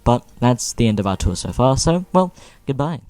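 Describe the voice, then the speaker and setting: A young man giving casual, animated commentary over his own gameplay, joking with exaggerated dismay. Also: medium pitch, normal speed. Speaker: gaming video host.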